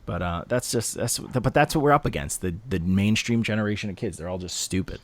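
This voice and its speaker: A man's voice: on the low side, dry recording. A young man co-hosting a casual music review podcast, ranting animatedly and swearing a lot. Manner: animated, profane, quick rants. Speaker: podcast co-host reviewing albums. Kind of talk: casual chat.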